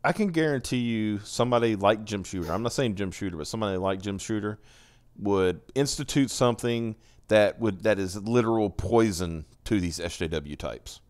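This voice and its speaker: A man's voice: on the low side, moderate pace, darkish tone, dry recording. A man co-hosting a casual livestream chat, talking profanely and getting heated, laughing often. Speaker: podcast co-host.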